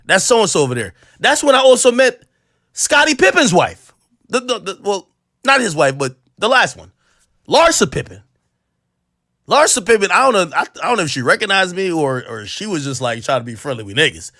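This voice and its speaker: A man telling a story in a casual, profane, animated way and acting out the quotes. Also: high voice, normal speed, dry recording, clean studio sound.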